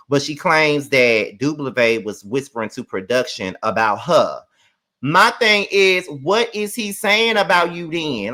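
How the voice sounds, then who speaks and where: A man hosting a casual reality show recap, ranting in an animated, profane and sassy way. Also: a little high. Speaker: host.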